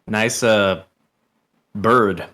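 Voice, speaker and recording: A man co-streaming a story game, easygoing and quick to laugh in casual chat. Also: fairly low pitch, steady tone, bright, forceful tone. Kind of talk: casual let's-play chat.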